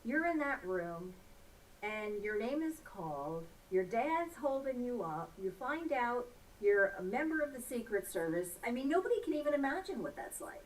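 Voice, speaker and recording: A woman's voice: a little high, sing-song, normal speed, recorded from a distance, a little hiss or hum, low-quality recording. A woman interviewing a family, asking long leading questions. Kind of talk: television interview.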